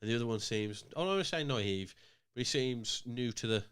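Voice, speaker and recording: A man's voice: mid-range voice, expressive, fairly quick, fairly bright tone, clear, resonant tone. A man co-hosting a casual film review, chatty and prone to repeating words as he thinks.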